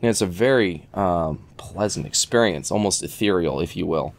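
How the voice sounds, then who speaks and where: A man with a very low voice talks through a speaker review. He rambles easily, restarts sentences and fills gaps with ums. He gets eager about fine details of sound. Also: normal speed, vocal fry. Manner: relaxed, rambling, with many fillers and restarts; enthusiastic about audio detail. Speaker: audio product reviewer. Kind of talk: casual spoken review.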